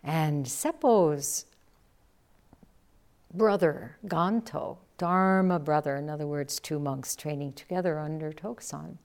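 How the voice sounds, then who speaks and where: A woman Zen teacher giving a dharma talk, telling a story slowly and reflectively and acting out the quotes. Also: sits low, a little mellow.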